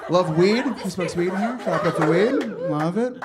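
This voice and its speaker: A man's voice: high voice, expressive, moderate pace, very noisy. A man performing a stand-up comedy set on a club stage, chatty and loose, often laughing and talking to the crowd. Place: comedy club stage before a live audience.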